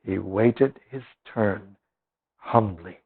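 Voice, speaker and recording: A man's voice: lowish voice, very slow, slightly rough. Man teaching a Bible class, tinny recording. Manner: reads scripture aloud then explains it emphatically. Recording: tinny lo-fi phone-like old recording.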